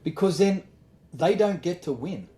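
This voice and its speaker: An Australian man speaks as a podcast guest, earnest and emphatic, blunt enough to swear. His voice sits a little high yet sounds warm and mellow. The room around him rings with echo. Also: animated, a little slow. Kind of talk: candid conversation.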